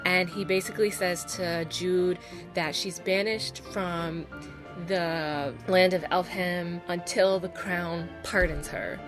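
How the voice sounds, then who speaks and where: A woman's voice: lowish voice, fairly even intonation, slow, music in the background. A woman casually reviewing a novel on her channel, gushing and chatty, with lots of "like" and "oh my God". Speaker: book reviewer. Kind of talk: casual spoiler-filled book review.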